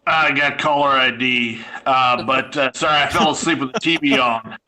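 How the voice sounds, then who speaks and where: A man's voice: medium pitch, moderate pace, pushed and bright, slight background noise, rough recording. A man voicing a sleepy middle-aged caller who has just woken up, speaking in a groggy, hesitant way.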